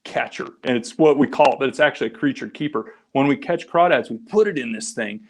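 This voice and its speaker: A man's voice: medium pitch, brisk. Rambling middle-aged man telling a story. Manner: rambling anecdotal storyteller, frequent restarts and acted quotes. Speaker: guest, founder of a crayfishing group. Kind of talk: casual storytelling interview.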